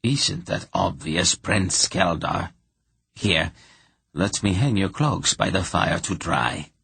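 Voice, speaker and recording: A man voicing a reclusive, bitter witch who speaks in a measured, strangely neutral way. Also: deep voice, animated, creaky, fairly bright tone, slightly rough, no echo, full character voice. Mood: calm, wry. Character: reclusive middle-aged witch woman, calm and bitter.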